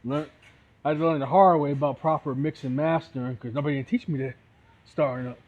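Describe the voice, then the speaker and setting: A man's voice: a little high, steady tone, quick pace, darkish tone. A man from Ohio ranting heatedly to the camera, repeating himself and tossing in "you know what I'm saying" again and again. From Toledo, Ohio. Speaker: independent musician. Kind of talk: angry rant to camera. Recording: tinny phone-like audio.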